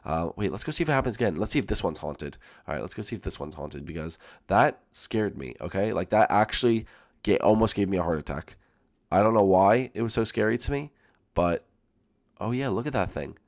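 A gaming channel host with a fairly low male voice delivers excitable let's-play commentary, often repeating himself and addressing his viewers directly.

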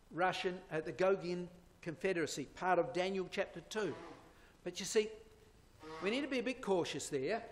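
A man with a fairly high voice delivers an emphatic sermon-style lecture, pointing out slides and throwing rhetorical questions at his listeners. His voice rings with a long reverb that fills the hall. It sounds like a church hall. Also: fairly bright tone. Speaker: Bible prophecy lecturer.

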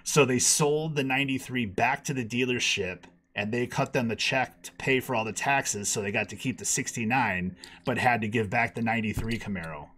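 A man's voice: normal speed, few pauses. A man telling a long personal story on a podcast call, acting out the people he quotes with big jumps in his voice. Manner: animated, acts out quotes with big pitch jumps. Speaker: podcast guest. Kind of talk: casual storytelling.

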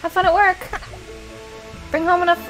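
A woman's voice: very high-pitched, flat delivery, normal speed, over music, poor audio. A woman hosting a casual let's play, animatedly talking to her game character and reading game text aloud.

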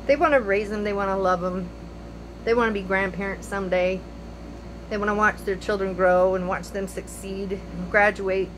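A woman's voice: medium pitch, background noise. An older woman and grandmother talking straight to her viewers in an emotional, pleading opinion monologue, repeating her phrases. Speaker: vlogger.

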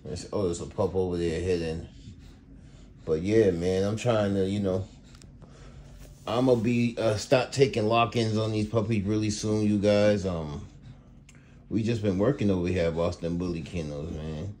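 A man's voice: deep voice, fairly even intonation, moderate pace, dark tone, a little hiss or hum. A man casually vlogging about his dog kennel, rambling and laid-back, talking to viewers with lots of y'all and man. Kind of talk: casual vlog. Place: indoors at home kennel.

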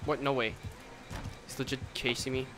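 A man giving live commentary on his own game, excitable and profane, swinging between mutters and sudden shouts. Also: mid-range voice, moderate pace.

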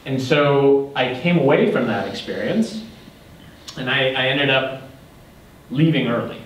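A man's voice: medium pitch, a little slow, a little hiss or hum. A man in his thirties giving a reflective public talk as a guest speaker, earnest and often restarting his phrases. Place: lecture hall. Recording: echoey hall from far off.

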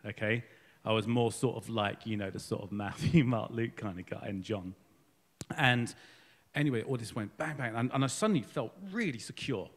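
A man's voice: medium pitch, big-room sound. A man giving a candid, rambling personal testimony at a church service. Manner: rambling and candid, self-deprecating. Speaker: congregation member giving a baptism testimony. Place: church hall.

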